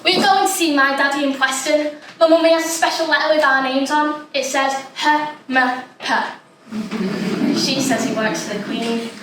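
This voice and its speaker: In a high voice close to her everyday one, at normal speed, a woman acts out a monologue as a rambling, innocent young schoolgirl. The delivery is matter-of-fact chatter, recorded from afar in an echoey room with noise.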